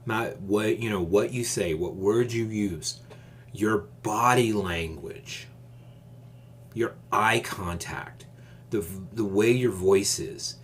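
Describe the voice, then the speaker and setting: A man hosting his own channel, giving advice in a calm, measured, deliberate casual monologue. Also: lowish voice, slight background noise.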